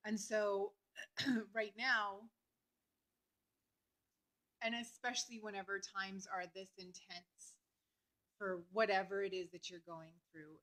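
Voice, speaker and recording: A woman vlogger talking earnestly and openly about her feelings, with many fillers and pauses. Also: medium pitch, bright, forceful tone, low-quality recording. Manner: earnest, heartfelt, talks through emotion with many fillers. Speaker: astrology vlogger. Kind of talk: personal reflective talk to camera.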